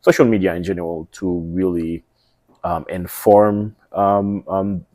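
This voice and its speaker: A man's voice: deep voice, steady tone, a little slow, a little mellow, dry recording, clean studio sound. A man with a Haitian accent, a media host telling his story in a casual interview, hesitant with many ums.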